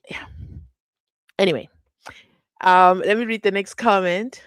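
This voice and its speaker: A woman's voice: medium pitch, fairly even intonation, a little slow, pauses often, clean tone, dry recording. A woman hosting a live stream, chatting animatedly and reading viewer comments aloud. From South Africa. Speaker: livestream host.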